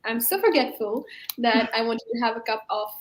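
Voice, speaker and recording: Young woman, highish voice, tells stories all animated and acts out quotes. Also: brisk, low-quality recording. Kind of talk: casual storytelling chat.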